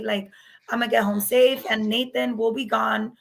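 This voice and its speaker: A woman's voice: on the high side, level tone, moderate pace, gravelly, low-quality recording. A woman, speaking candidly as an interview guest recounting her own experience and acting out past conversations. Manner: candid, acts out past dialogue. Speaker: guest sharing her story. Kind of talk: personal storytelling.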